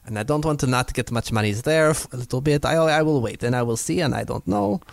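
A man doing a comic impression of a young Russian goalie in a mock Russian accent, speaking halting, broken English. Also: mid-range voice, lively intonation, creaky, no room sound. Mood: coy, evasive. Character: Russian hockey goalie who prefers staying home, male adult, evasive. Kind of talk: comic impression in casual podcast chat.

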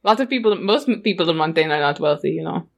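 A woman's voice: low-pitched, lively intonation, fast talker, creaky. A woman playing a tabletop game, rambling casually with lots of "like".

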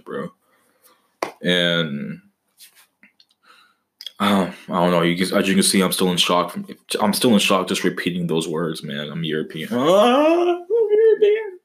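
Young male podcast host, deep voice, profane comic rambling. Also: fairly bright tone. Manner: profane, joking, with mock-dramatic outbursts. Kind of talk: casual comedic monologue.

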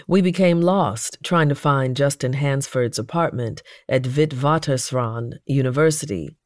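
A narrator reading their own first-person memoir aloud in a measured, earnest voice. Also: mid-range voice, a little mellow, no room sound, studio quality.

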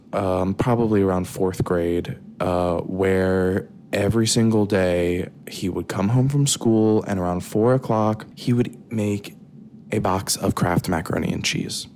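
Man, American, low voice, profane joking host, phone mic, kitchen at night, faint background hum. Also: a little slow. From United States. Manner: profane, jokey, talks quietly with sudden loud bursts. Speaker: podcast host. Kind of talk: rambling late-night kitchen monologue.

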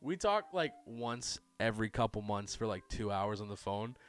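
A man's voice: on the low side, normal speed. A man co-hosting a podcast in casual chat, telling stories animatedly and swearing a lot. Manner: animated storyteller, heavy swearing. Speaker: podcast co-host.

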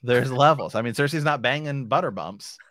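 A man's voice: medium pitch, fairly quick, a bit bright, no room sound, clean studio sound. A man hosting a podcast, chatting casually and reading book passages aloud, rambling with lots of filler phrases. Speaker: podcast host.

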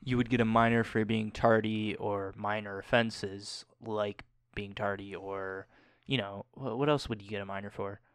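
A man's voice: fairly low pitch, fairly even intonation, moderate pace, smooth, no echo, clean studio sound. A man in his twenties on a casual podcast, laughing along and cutting in with questions. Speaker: podcast co-host.

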